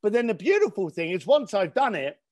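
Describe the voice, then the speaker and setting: A man's voice: sits high, sing-song, a little fast, a little mellow. A middle-aged man from East London, a guest entrepreneur and author, telling stories in a casual interview in a blunt, emphatic way. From East London, England.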